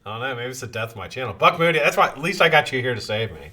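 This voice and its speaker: Very fast and mid-range in pitch, a male live-stream host delivers a lively, swinging patter with a bright, forceful tone. He greets his chat viewers one at a time amid casual banter full of swearing.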